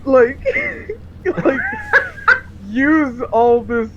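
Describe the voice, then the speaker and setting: A woman's voice: on the high side, very slow. A woman playing a tabletop game, hesitant and giggly, with lots of ums. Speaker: player. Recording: muffled with clear background noise.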